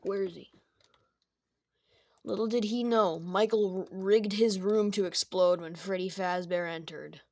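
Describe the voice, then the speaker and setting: A woman's voice: mid-range voice, fairly even intonation, a little slow, darkish tone, dry recording. A woman telling an improvised comedic game story, rambling and jokey and often breaking off mid-sentence. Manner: rambling, jokey, self-interrupting.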